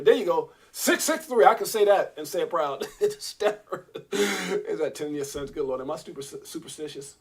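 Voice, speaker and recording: A man hosting a live crypto stream in casual chat, joking, excitable and talking straight to his viewers. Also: fairly high pitch. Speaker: crypto livestream host.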